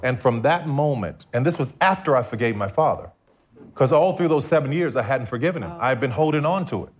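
A man's voice: medium pitch, expressive, brisk, slight background noise. Middle-aged male guest telling a dramatic personal testimony with voiced-out dialogue. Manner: storytelling, acts out quoted dialogue. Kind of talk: personal testimony in a faith talk.

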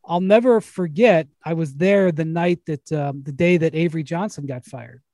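Male host, high-pitched, loose rambling anecdotes, dry mic. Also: moderate pace, darkish tone, dry recording. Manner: rambling storyteller, frequent restarts and laughs. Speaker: podcast host. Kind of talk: casual sports chat.

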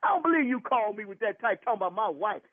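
A man's voice: high-pitched, lively intonation, very fast, no room sound. A man on a phone call who grows indignant, repeating himself and talking over the caller. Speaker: prank call target, husband. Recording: tinny phone line.

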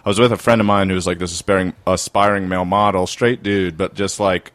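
Low-voiced comedian telling stories. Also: male voice, fast talker, dry recording. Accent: faint Baltimore. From Maryland, USA. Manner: animated storyteller, slips into exaggerated voices. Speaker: comedian guest. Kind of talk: casual storytelling chat.

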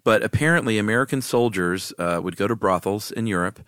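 Very low-voiced laid-back man. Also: a little fast, a bit bright, clear, resonant tone, no room sound, studio quality. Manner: laid-back, sardonic quips. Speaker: podcast co-host. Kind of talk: casual chat.

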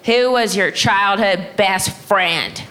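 A woman voicing a bored, deadpan phone-company customer service rep in a slow, low voice. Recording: live club crowd and noise. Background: audience laughter.

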